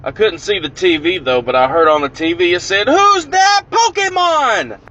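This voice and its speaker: A man telling a comic prank story in an animated, profane, punchy way. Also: on the high side, fairly quick, rough recording.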